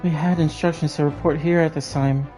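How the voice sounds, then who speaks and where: A man's voice: a little high, steady tone, a little fast, pitched above the performer's own voice, natural voice, poor audio. A man voicing a polite young Japanese woman assistant, speaking formally and courteously. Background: game music.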